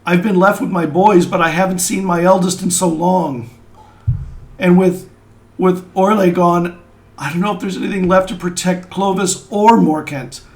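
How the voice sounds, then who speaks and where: Male game master playing a tearful drunk sailor dad, gravelly and pleading. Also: sits high, fairly even intonation, normal speed. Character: grieving drunk middle-aged sailor father.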